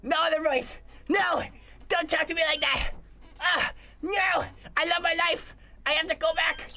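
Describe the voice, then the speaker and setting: A man voicing his own frantic, panicking inner self, yelling in a high voice. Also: steady tone, a little slow, gravelly, full character voice. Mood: panicked.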